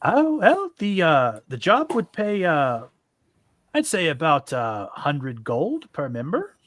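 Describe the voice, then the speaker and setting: A man's voice: on the high side, wildly swooping pitch, slow pace, a bit bright, no room sound, voice pushed up, exaggerated voice. A man doing a hesitant village official. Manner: hesitant, full of uh and um. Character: male village official hiring adventurers, hesitant.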